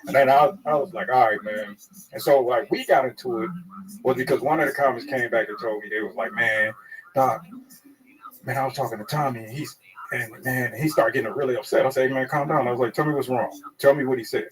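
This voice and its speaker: A man telling a story in easy, crude, animated talk, acting out other people's lines as he goes. His voice sits in the middle range. It is picked up from a distance, so it sounds removed from the mic. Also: mid-range voice, brisk, crowd noise. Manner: animated, crude, acts out quotes. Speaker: comedian. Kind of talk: casual storytelling.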